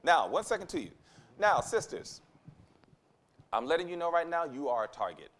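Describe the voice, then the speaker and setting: A man's voice: a little high, very animated, moderate pace, fairly bright tone. A man preaching a sermon at a conference, emphatic and repetitive, acting out the voices of the people he quotes. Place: conference hall.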